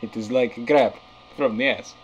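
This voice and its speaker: A rambling Russian comrade, put on by a man with a broad fake accent and broken grammar. He drifts from thought to thought at an even, middling pitch, improvising as he goes in a homemade comedy skit. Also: moderate pace, lo-fi sound, a little hiss or hum, close to an everyday voice. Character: sleepy male Russian comrade talking telepathically.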